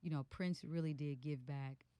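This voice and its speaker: Low-voiced woman telling stories on radio. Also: moderate pace, clear, resonant tone, dry recording. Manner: animated storyteller, many fillers. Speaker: guest musician. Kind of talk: casual radio interview chat. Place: radio studio.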